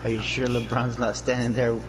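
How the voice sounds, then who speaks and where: A man's voice: mid-range voice, little pitch movement, brisk, over loud music, rough recording. A man joking and swearing casually while chatting with friends over a game. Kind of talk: casual gaming chat with friends. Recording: loud background noise.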